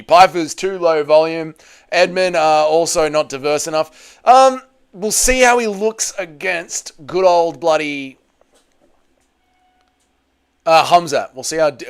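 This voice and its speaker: Male streamer, fairly high, clean voice, crude joking chat host. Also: fairly bright tone, clean tone. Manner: crude, teasing banter with frequent swearing. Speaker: livestream host. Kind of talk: casual watch-along chat, reading out viewer messages.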